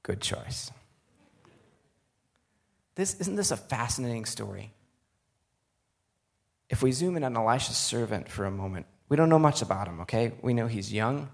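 A man's voice: mid-range voice, lively intonation, moderate pace, vocal fry, pauses often. A man preaching a sermon, reading scripture aloud and turning to the listeners with earnest, conversational asides.

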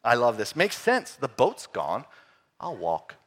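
A middle-aged man preaching a sermon, animated, swinging from loud exclamations to hushed, quiet phrases. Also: mid-range voice, measured pace, a little hiss or hum. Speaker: pastor.

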